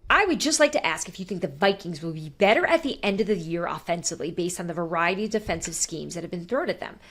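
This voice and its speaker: A woman's voice: on the low side, expressive, quick pace, fairly bright tone. A woman co-hosting a casual sports podcast, reading listener questions aloud and chatting with asides.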